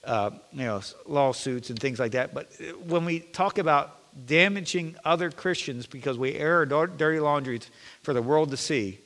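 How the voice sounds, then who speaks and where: Male pastor, bright tone, earnest sermon delivery with dry humor, reverberant sanctuary. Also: fairly high pitch, normal speed. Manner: earnest preaching with self-deprecating jokes. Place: church sanctuary. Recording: long reverb of a church sanctuary.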